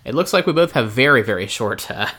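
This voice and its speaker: A man's voice: mid-range voice, expressive, fast, pushed and bright, slight background noise. A man co-hosting a podcast in casual chat, easygoing, laughing often and hesitating with ums. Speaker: podcast co-host.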